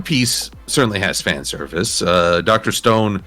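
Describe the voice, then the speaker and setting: Thoughtful, lively-voiced male interview guest. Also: low-pitched, faint music behind. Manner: measured and thoughtful, with frequent "uh" pauses. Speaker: interview guest, digital artist. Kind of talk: casual chat interview.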